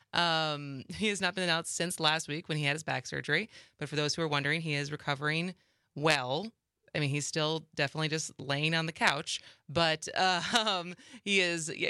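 A chatty young woman hosting a casual talk show, her voice bright and forward. She sits a little low in pitch for a woman, and the sound is dry and close, with no room in it. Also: smooth, no echo. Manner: chatty, laughs easily. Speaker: radio show host. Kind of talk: casual chat and interview.

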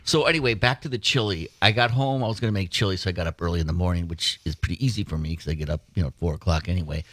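Radio co-host, man, low voice, dry close studio sound, rambling storyteller. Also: racing, a bit bright, dry recording. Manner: rambling storyteller, repeats words. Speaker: co-host, mayor. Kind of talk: casual radio chat.

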